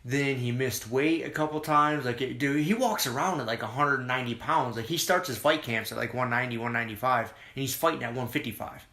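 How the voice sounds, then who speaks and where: A man co-hosting a podcast, chatting casually and rambling excitedly with lots of swearing. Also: medium pitch, fairly quick, hardly any pauses, echoey room. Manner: rambling, profane, excited about fights. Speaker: podcast co-host. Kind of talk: casual chat.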